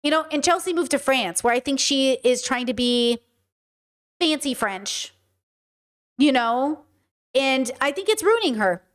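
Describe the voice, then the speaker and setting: Brief: high-pitched woman host, loose, swearing, jokey reaction talk. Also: unhurried, pauses often. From United States. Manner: animated, profane, joking. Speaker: commentator reacting to a video. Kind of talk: casual reaction commentary. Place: living in Croatia.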